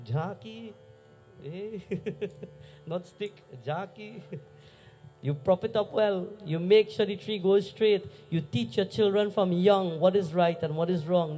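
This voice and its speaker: A man's voice: high-pitched, steady tone, normal speed, hardly any pauses, warm tone, faint music behind. A Trinidadian man, a pundit, giving a Hindu religious discourse at a home gathering, telling a story and asking the crowd questions.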